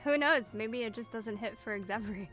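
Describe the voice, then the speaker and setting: A woman's voice: a little high, moderate pace, a bit bright, faint music behind. A woman running a tabletop game for viewers as game master, easygoing and laughing often.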